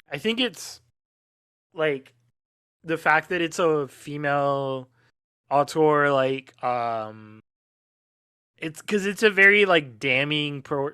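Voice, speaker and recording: A man's voice: fairly high pitch, bright, forceful tone, smooth, no room sound, clean studio sound. A young man co-hosting a casual film podcast, talking things through hesitantly with lots of "like" and "um". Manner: hesitant, many fillers and restarts. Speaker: podcast co-host.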